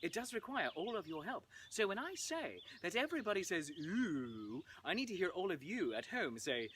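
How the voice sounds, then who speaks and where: A man's voice: high-pitched, very animated, fairly quick. A man performing as a comic Shakespeare, hosting a playful interactive show for viewers at home and breaking into nursery-rhyme singing. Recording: loud background noise.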